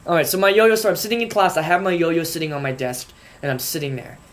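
A young man in college telling a funny story in casual chat, animated and rising to outraged bursts. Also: on the high side, quick pace. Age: young adult. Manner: animated storyteller, voice jumps up when acting outraged.

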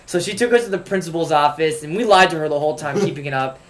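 A man's voice: fairly high pitch, quick pace. A man co-hosting a casual talk show, telling stories and reading out odd lawsuits in a joking way. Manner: animated, joking storyteller. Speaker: podcast co-host. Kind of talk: casual storytelling chat.

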